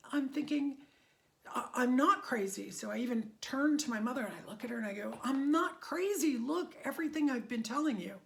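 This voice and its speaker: A woman's voice: on the high side, gravelly, a little mellow. A middle-aged woman instructor gives a heartfelt personal testimony to her community, her voice often wavering near tears. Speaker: meditation method instructor.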